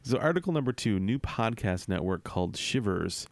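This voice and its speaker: Gravelly, playful podcast co-host man. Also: fairly low pitch, lively intonation, normal speed, no echo. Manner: laughs often, jokey and playful. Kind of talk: casual podcast chat.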